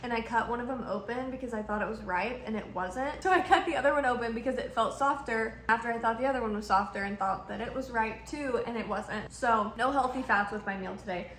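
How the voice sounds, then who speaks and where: A young woman chats to her phone camera in a loose, rambling vlog voice, full of filler words. Her voice sits a little high. There is a clear hiss of noise behind her. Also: brisk, hardly any pauses, a bit bright. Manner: chatty, rambling, lots of "like" and "literally". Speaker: vlogger. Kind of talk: casual vlog chat. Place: at home, in bed, and in a car.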